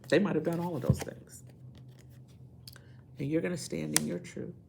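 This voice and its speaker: A woman reads tarot for her viewers with a deep voice that has a gravelly edge. She preaches her points with emphasis and repeats key lines to make them stick. A faint hiss of noise sits under the recording. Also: little pitch movement, moderate pace. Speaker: tarot reader. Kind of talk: tarot reading monologue.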